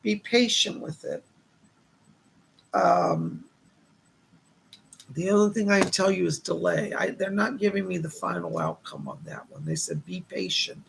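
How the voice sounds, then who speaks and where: A man doing live psychic readings on a stream, calmly reassuring viewers and passing on messages. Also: high-pitched, a little slow, creaky, long pauses, a little hiss or hum. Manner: reassuring, relays spirit messages, reads viewer questions aloud.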